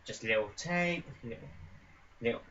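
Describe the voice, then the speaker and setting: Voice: medium pitch, expressive, normal speed, fairly bright tone, lo-fi sound, a little hiss or hum, pitched below the performer's own voice, close to an everyday voice. A player voicing a handy stallion pony mechanic in a pony tabletop game, casual and folksy, often stammering and repeating words.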